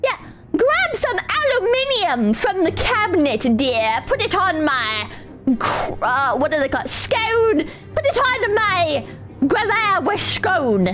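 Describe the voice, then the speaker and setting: A prim, pompous housewife in a mock British accent, as a woman puts her on, drawing out each word with slow, affected care. The voice sits very high and swings around a lot. Faint music plays behind her. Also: very animated, fairly bright tone, full character voice.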